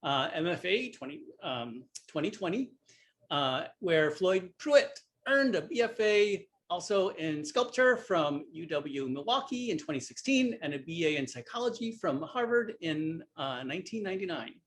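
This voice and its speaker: A man hosting an event, introducing a guest speaker in a casual, halting way. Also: high voice, big pitch swings, fairly bright tone. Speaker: event host.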